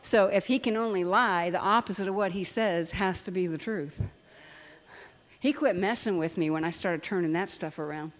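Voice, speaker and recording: An older woman sharing personal stories in a sermon, animated and quick to laugh. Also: on the low side, big-room sound. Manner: animated storytelling, laughs often. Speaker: Christian speaker and counselor.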